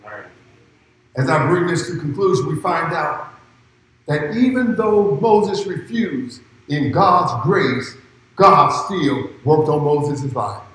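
A man preaching a sermon as pastor, shouting in rising bursts and dropping low and quiet in between. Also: expressive, slow pace, very echoey, slight background noise, rough recording.

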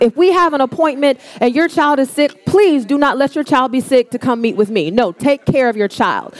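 Female preacher, high voice, conversational sermon storytelling, dry close sound. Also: dry recording. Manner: conversational storytelling, addresses crowd as y'all. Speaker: pastor's wife preaching.

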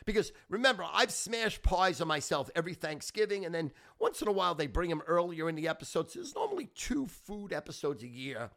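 Brash, excitable middle-aged man. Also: high-pitched, a little fast, few pauses. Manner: brash, profane, boastful and excitable. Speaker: podcast host. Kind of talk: casual storytelling monologue.

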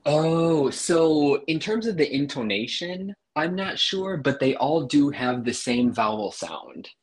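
A man's voice: on the high side, big pitch swings, slow pace, husky. A man, a podcast guest, explaining things patiently and easygoing in casual chat. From USA.

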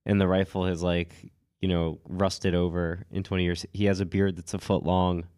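A man co-hosting a podcast with a cold, telling stories in a relaxed chatty way with lots of "like" and small laughs. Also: low voice, normal speed, clean tone, no room sound, studio quality. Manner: relaxed storytelling with frequent "like" and laughs. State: has a cold. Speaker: podcast co-host. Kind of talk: casual chat.

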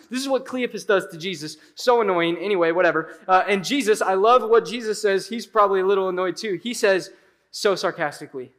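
Male pastor with a high voice, conversational and animated sermon delivery, dramatic pauses.

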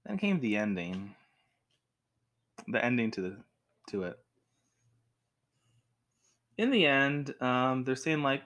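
A young man reviewing a show at home in a rambling, animated way, with frequent restarts. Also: mid-range voice, measured pace, long pauses. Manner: rambling, animated, with many restarts and acted quotes. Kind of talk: casual talk to camera. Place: home with a cat.

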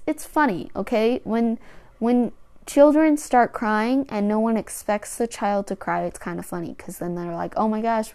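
A woman's voice: mid-range voice, a little mellow, clean tone. A young woman hosting her own podcast, telling a rambling personal story in a casual, chatty way with lots of restarts. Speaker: podcast host.

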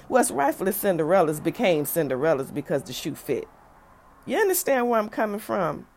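A middle-aged woman telling a personal story in a lively way, acting out the voices of the people in it. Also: mid-range voice, a little fast, a little hiss or hum. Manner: animated, acts out other people's voices.

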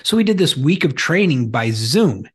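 A middle-aged man co-hosts a podcast in a relaxed, conversational way. He leans on personal anecdotes and often restarts his sentences as he thinks aloud. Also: on the high side, normal speed, breathy edge. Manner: storytelling with anecdotes, frequent restarts. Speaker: podcast co-host.

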